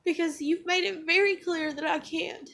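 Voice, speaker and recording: Woman, high voice, confessional vlogger, raw and rambling. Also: fairly even intonation, moderate pace, gravelly, a bit bright. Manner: emotional, rambling, many fillers. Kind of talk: confessional vlog monologue.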